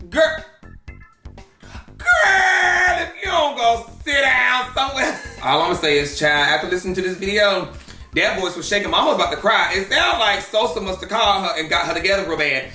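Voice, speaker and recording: Sassy high-voiced man with a bright tone. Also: reverberant. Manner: sassy, animated, drawn-out exclamations. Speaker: gossip commentary host. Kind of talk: reaction commentary.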